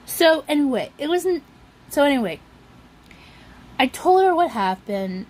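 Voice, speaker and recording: A woman's voice: high voice, big pitch swings, a little slow, pauses often, a little mellow, slight background noise. A woman vlogger telling a long story in a casual, rambling way, often circling back with "so anyway".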